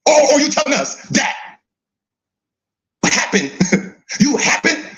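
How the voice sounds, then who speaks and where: A middle-aged man co-hosting a podcast reacts to clips with casual, mocking commentary, laughing often and teasing with repeated "huh?" questions. His voice is extremely high-pitched and a bit bright, very animated, and a little slow.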